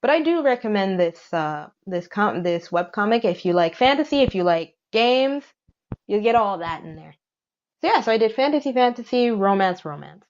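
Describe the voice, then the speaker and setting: A woman's voice: medium pitch, expressive, moderate pace. Young woman podcasting solo, rambly and jokey, kinda muffled lo-fi mic. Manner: rambling, self-deprecating, laughs often. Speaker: podcast host. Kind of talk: casual solo podcast chat.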